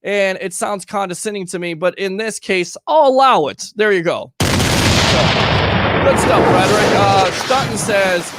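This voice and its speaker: A man's voice: high voice, normal speed, hardly any pauses, very noisy. A man hosting a live call-in sports show, talking emphatically and reading fan comments aloud. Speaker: sports talk show host.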